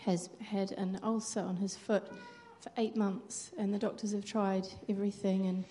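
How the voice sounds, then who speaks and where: A woman's voice: mid-range voice, flat delivery, normal speed, dark tone, a little hiss or hum. A woman earnestly telling a personal testimony at church. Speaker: church member sharing testimony.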